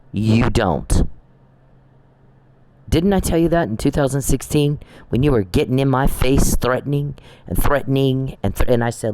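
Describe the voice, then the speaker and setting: A man's voice: medium pitch, noisy background. A man ranting angrily in a mocking, profane, taunting manner, addressing someone directly. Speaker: online commentator. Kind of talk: angry rant to camera. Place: Oklahoma.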